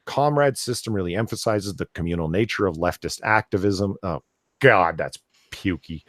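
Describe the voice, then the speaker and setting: A man's voice: sits low, moderate pace, fairly bright tone, no echo, clean studio sound. A man co-hosting a comics podcast, reading an article aloud with sarcastic, exasperated commentary. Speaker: podcast co-host.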